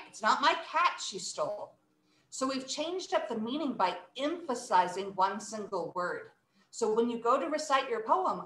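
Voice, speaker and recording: A bright, animated woman teacher leads a playful recitation lesson, her pitch swooping high and low. She talks slowly and leans hard on single words to show emphasis. The sound is roomy, with a clear echo around her. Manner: animated, exaggerated emphasis, slow deliberate demonstrations.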